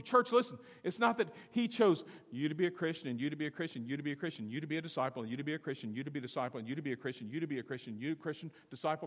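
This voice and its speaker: A man preaching a sermon to his church, asking the congregation questions and swinging between quiet and loud passages. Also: medium pitch, big-room sound. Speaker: pastor. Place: church sanctuary.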